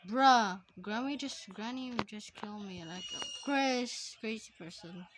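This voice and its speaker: A woman playing a horror game, pleading, yelling and shrieking at it as she goes. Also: a little high, a little slow, noisy background. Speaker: gamer. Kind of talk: horror game playthrough commentary.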